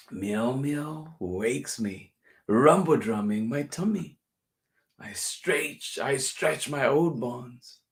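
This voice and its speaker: A man reading a picture book aloud for children, going over each passage twice in a gentle way and chuckling softly between lines. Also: medium pitch. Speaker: children's storyteller.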